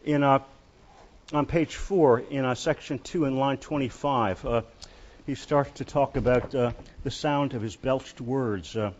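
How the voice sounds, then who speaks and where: A male literature professor gives a university lecture in a lecture hall, speaking in a halting way, often pausing and starting over. His voice sits at an ordinary middle pitch. The recording sounds a little muffled and dull. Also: darkish tone.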